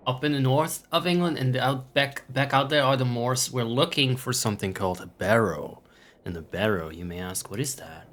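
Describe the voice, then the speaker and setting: This let's play streamer, a man, has a medium-pitched, slightly bright voice and speaks at a moderate pace. While playing a puzzle adventure game, he keeps up casual, playful banter with viewers, full of wordplay, jokes, and silly voices.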